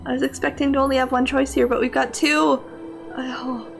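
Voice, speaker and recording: A woman's voice: high-pitched, level tone, fairly quick, vocal fry, music in the background. A woman streaming a story game live, commenting animatedly and laughing often.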